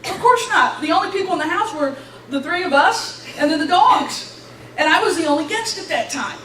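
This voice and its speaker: A young woman giving an animated church testimony, acting out the voices in her story and laughing between lines. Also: very high-pitched, moderate pace. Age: young adult. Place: church hall. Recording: echoey hall, distant mic, faint hiss.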